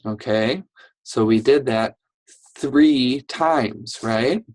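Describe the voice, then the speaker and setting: A patient teacher guiding young children through a reading lesson at an unhurried pace, often checking in and praising them. The voice sits in a middle pitch and sounds dry and close, with no room echo. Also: a little mellow. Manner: patient, encouraging, checks in with "right?" and "okay?". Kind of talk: online reading lesson for first graders.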